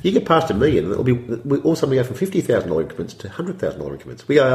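Very animated and very fast, this medium-pitched, slightly mellow man barely pauses as he talks. He's a property developer interviewed on a podcast, wandering through his points and performing his thoughts in quotes, with roomy echo on the recording.

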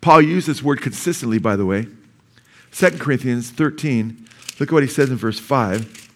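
A male pastor delivers a sermon to a live congregation in church, his voice at a middle pitch. He keeps drawing the room in with questions for them to call back. When he teaches a term he slows down and sounds it out carefully. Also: fairly bright tone. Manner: teaches word by word, sounding out terms slowly.

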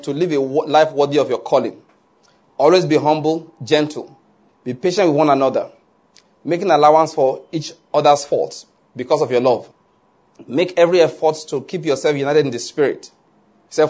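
A man pastor preaching a sermon with animated delivery, often checking "are you getting my point?". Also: a little high.

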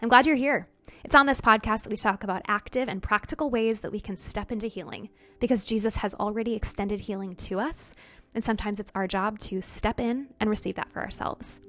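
A woman hosts a conversational podcast in an upbeat, chatty way, laughing easily as she talks. Her voice sits at an ordinary middle pitch. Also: fairly quick, fairly bright tone. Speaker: podcast host.

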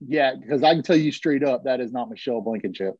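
A man's voice: mid-range voice, quick pace, darkish tone, dry recording, highs cut off. A man hosting a casual live call-in podcast over a video call, teasing his callers. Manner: joking, teasing banter with callers. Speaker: podcast host.

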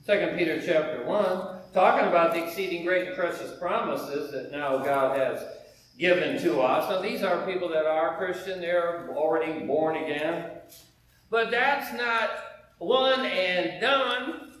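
In a church sanctuary, an American preacher talks to his congregation in a conversational style, throwing out one rhetorical question after another. His fairly high voice moves at a normal speed, captured by a distant mic in a very echoey hall with slight background noise.

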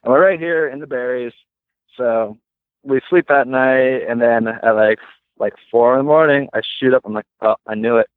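A man's voice: medium pitch, moderate pace, no echo. Man telling stories on a phone line. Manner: heavy use of "like", lively retelling. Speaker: guest. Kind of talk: casual storytelling. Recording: tinny phone line, dry.

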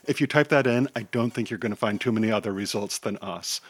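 A man narrating a children's superhero story with an animated, theatrical delivery, and hosting the podcast. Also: on the low side, quick pace, breathy edge, no room sound.

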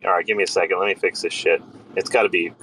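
A man's voice: low voice, fairly even intonation, racing, a bit bright, slight background noise, low-quality recording. A man hosting a casual online audio chat, welcoming people in and laughing easily. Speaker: host of crypto audio space. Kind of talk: casual banter.

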